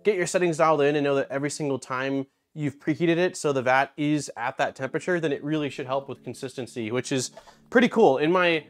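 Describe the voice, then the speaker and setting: A man's voice: a little high, fast talker. A man hosting a casual live-stream unboxing, thinking aloud and greeting viewers in chat. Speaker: streamer host.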